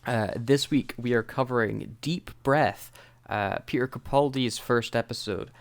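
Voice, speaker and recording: A man hosting a casual podcast, relaxed and self-deprecating. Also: medium pitch, unhurried. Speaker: podcast host.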